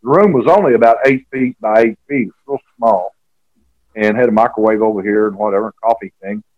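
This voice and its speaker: A man's voice: on the low side, brisk, no echo, lo-fi sound. A man, an author being interviewed, telling a long rambling story with many fillers and restarts. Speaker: author and guest.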